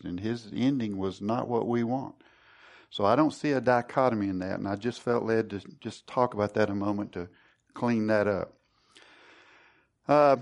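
A man leading a Bible study sermon, earnest and conversational, who often restarts and repeats words. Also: on the low side. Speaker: Bible teacher.

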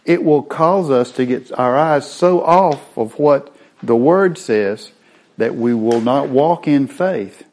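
A man's voice: mid-range voice, slow, a little mellow. Man teaching a sermon on Hebrew words. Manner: explains Hebrew word meanings step by step. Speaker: Bible teacher.

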